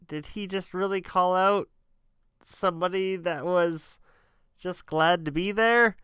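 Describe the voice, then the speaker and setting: Male host, sarcastic reaction commentary, slow deadpan delivery, dry mic. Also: sits high, clear, resonant tone, dry recording. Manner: sarcastic, mocking, deadpan asides.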